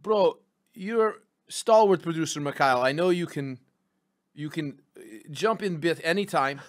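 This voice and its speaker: A man's voice: high voice, big pitch swings, takes it slowly, no echo, pitched above the performer's own voice, exaggerated voice. A man playing a brash, crude Russian podcast host in a put-on Russian accent with broken English and dropped articles. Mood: boastful. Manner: loud and hammy, dropping articles.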